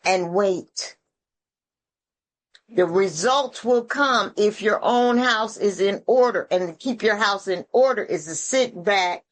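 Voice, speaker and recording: Heard over a video call, a woman from Atlanta speaks at a recovery meeting in an animated, mid-range voice at a measured pace. Her manner is blunt, earthy and preachy, with folksy slang and swearing.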